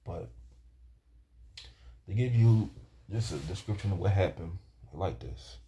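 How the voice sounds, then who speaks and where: A man telling a personal story from his youth in a halting, rambling way, often restarting his sentences. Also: sits low, warm tone, slight background noise. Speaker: vlogger.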